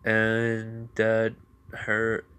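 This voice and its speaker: Low-voiced man rambling through a story. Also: monotone, drawn-out words, fairly bright tone, clean tone. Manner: rambling, full of "like" and "you know". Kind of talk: casual retelling of a fan story.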